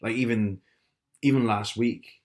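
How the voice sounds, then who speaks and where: A man's voice: on the low side, fairly even intonation, a little slow, darkish tone. A young man with a Northern Irish accent, co-hosting a casual podcast chat and explaining at length with many restarts. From Northern Ireland. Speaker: podcast co-host.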